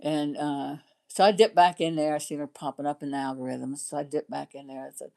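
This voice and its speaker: A woman's voice: low voice, fairly even intonation, a little fast, gravelly, few pauses, dark tone. A middle-aged woman chatting casually on her livestream, rambling and laughing often. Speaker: livestream host chatting with viewers.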